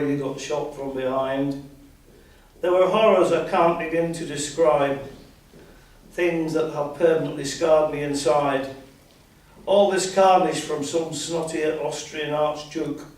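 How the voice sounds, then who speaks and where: Older scottish-born guy doing his poems at an open mic, rambly ums in between, far off mic, big echo, bit of noise. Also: a little high. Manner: rambling, hesitant chat between poems, then steady rhyming recital. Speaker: poet reading his own work. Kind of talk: open mic poetry reading. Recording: very echoey room, mic at a distance, faint noise.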